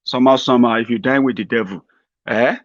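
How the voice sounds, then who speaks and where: A man's voice: mid-range voice, fast, no room sound, dull audio. A Nigerian man giving a rambling, mocking satirical political commentary to his viewers. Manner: mocking, rambling, chuckles at his own jokes.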